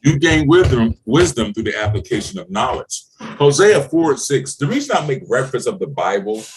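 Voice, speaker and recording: A man's voice: mid-range voice, sing-song, a little fast, slight background noise. A middle-aged man giving blunt, preachy business advice in a podcast conversation, swearing freely and hammering his points home. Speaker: business mentor. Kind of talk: motivational podcast talk.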